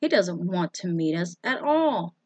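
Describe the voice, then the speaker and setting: A woman's voice: fairly low pitch, sing-song, unhurried, husky, no room sound, muffled recording, heavily acted. A woman voicing an earnest, apologetic young boy.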